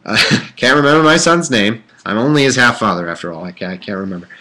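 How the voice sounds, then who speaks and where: A man's voice: fairly low pitch, expressive, fast talker, sharp tone. A man reading the Bible aloud on a casual livestream, breaking off into irreverent jokes and rambling asides full of fillers. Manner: irreverent, joking asides between scripture passages; rambling with many fillers and restarts.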